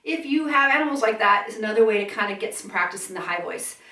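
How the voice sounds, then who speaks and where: A woman's voice: medium pitch, lively intonation, quick pace, bright, forceful tone, echoey room, recorded from a distance. A woman vocal coach teaching a singing lesson, breaking into siren sounds and sung notes to demonstrate.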